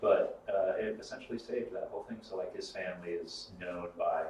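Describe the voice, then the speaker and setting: A man's voice: low-pitched, a little fast, darkish tone, slight background noise. Rambling man in an echoey room. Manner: rambling, swears freely. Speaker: podcast co-host. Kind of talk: casual chat. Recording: echoey room, mic far off.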